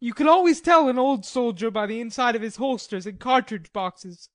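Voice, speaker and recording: A worn-out male Swiss mercenary, jumpy and wry yet unfailingly polite, read by a woman. The voice sits a touch high. It comes across dry and close, with no room around it. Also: normal speed, dry recording, close to an everyday voice. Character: weary hungry male Swiss mercenary soldier. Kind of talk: audiobook drama reading.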